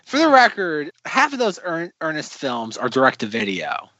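Lively-voiced podcast guy, dry sound. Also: fairly high pitch, normal speed, no echo, lo-fi sound. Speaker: podcast co-host. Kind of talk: casual chat.

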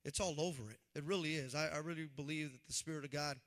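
A man, a pastor, preaching a sermon in an animated, conversational way and acting out the voices he quotes. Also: a little high, fast talker.

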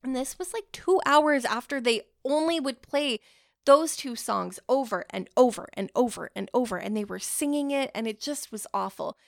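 A woman's voice: high-pitched, moderate pace, gravelly, no room sound, clean studio sound. Chatty, swearing woman podcaster. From Canada. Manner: chatty, rambling, profane, laughs at herself. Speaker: podcast host. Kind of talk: casual storytelling monologue.

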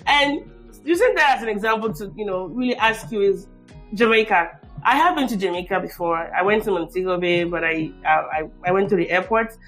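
A woman's voice: mid-range voice, expressive, fairly quick, fairly bright tone, soft background music. A woman hosting a podcast, asking long, rambling questions full of asides. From Nigeria. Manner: rambling, many asides and restarts. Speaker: podcast host.

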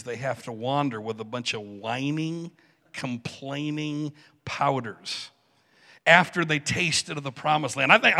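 A man preaching a sermon in a church with animated delivery, acting out biblical figures with joking asides. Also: mid-range voice, gravelly. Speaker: pastor. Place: church sanctuary. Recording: reverberant church hall.

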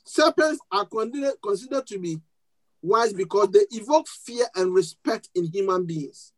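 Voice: medium pitch, expressive, normal speed, low-quality recording. A pastor with a foreign accent preaching a sermon to a congregation, asking them questions and repeating key words. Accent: non-native accent. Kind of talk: sermon with call and response. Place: church service before a congregation.

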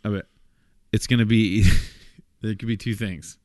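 A man's voice: fairly low pitch, fairly even intonation, a little slow, a little mellow, dry recording, studio quality. A man co-hosting a casual podcast, rambling and laughing, swearing freely as he fiddles with a phone call. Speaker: podcast co-host.

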